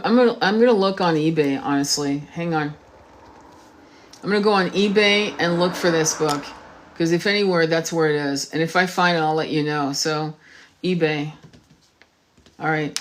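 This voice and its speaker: A woman's voice: low-pitched, moderate pace, slight background noise. Distracted, swearing woman on a livestream. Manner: distracted, swears, searching online while talking. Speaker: tarot reader livestream host. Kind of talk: casual livestream chat.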